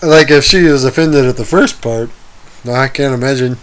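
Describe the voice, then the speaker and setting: A man co-hosting a casual rewatch chat, relaxed and agreeable, laughing along. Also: medium pitch, normal speed, slight background noise. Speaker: podcast co-host.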